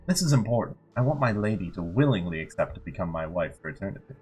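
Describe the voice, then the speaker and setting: A man reading aloud the diary of an obsessive vampire, in a low, deliberate voice. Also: sing-song, a little mellow, slight background noise.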